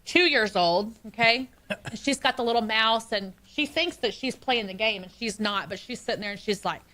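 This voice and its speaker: A woman co-hosting a radio show and telling family stories in easy chat. Her voice is bright and a touch high. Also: moderate pace. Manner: storytelling, laughing easily.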